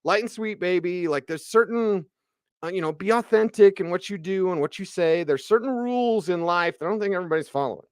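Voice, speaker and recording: A man hosting sports radio, ranting in an animated, emphatic way about football. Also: sits high, quick pace, clean tone, no echo, clean studio sound.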